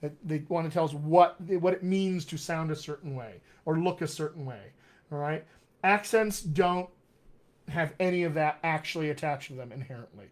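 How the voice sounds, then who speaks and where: Man, loud booming voice, General American accent with Texas and upstate New York touches, articulate, live stream Q&A, fairly high voice. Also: normal speed. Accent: General American with West Texas and upstate New York touches. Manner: articulate, reads viewer comments aloud and answers warmly. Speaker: dialect coach. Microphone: webcam or computer mic on a live stream.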